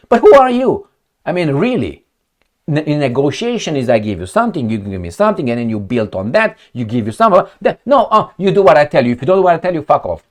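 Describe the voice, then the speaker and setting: A man commenting on news headlines with heated sarcasm, rhetorical questions and frequent profanity. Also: on the high side. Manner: mocking retorts and rhetorical questions. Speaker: political commentator.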